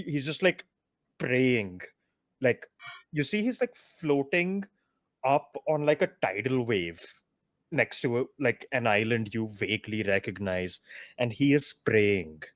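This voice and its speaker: Male dungeon master, slow and casual, dry close sound. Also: medium pitch, no echo. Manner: casual, loose, many filler words. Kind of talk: narrating a tabletop game.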